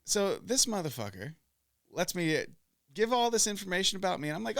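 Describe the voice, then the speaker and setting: A high-pitched man with a bright, sharp voice hosts a casual podcast, loud and profane as he tells a story. His pitch swings widely. The sound is dry and close. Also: very animated, brisk, creaky, dry recording. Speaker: podcast host.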